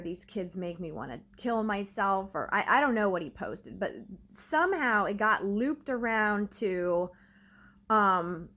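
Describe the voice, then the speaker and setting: A woman's voice: medium pitch, a bit bright. A woman vlogging from her own home, telling a story in an agitated, rambling way, full of "like". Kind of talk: casual storytelling to camera.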